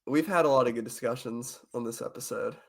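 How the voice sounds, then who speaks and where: Young man co-host, middle pitch, casual host-like recaps, laughs a lot. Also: a little fast, vocal fry. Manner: steers the talk, recaps, laughs often. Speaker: podcast co-host. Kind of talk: casual chat.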